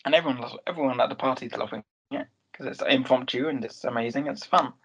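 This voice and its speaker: Gravelly man recapping a TV episode. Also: medium pitch, quick pace, fairly bright tone, rough recording. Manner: storytelling recap with many "um"s and quoted lines. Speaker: podcast co-host recapping a TV episode. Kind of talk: casual chat.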